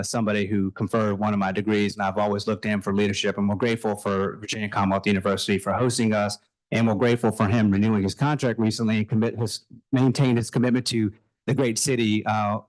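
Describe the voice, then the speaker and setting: Man with a lowish voice introducing a speaker. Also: level tone, rough recording. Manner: halting, with frequent uhs. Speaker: event emcee introducing speaker.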